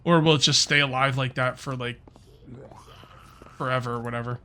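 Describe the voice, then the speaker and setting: A man's voice: mid-range voice, steady tone, normal speed, pushed and bright, slight background noise. A middle-aged man giving casual, rambling commentary while playing a survival game, thinking aloud and muttering to himself. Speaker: gaming video host.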